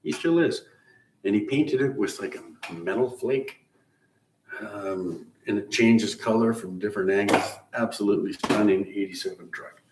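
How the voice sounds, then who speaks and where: A middle-aged man with a fairly low voice chats easily about custom car work, rambling and chuckling. He sits back from the mic in an echoey garage, and a faint hiss runs underneath. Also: normal speed, far from the mic. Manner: easygoing, rambling, shop-talk explanations with chuckles. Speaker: host of a live car-building stream. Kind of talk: casual live chat with viewers.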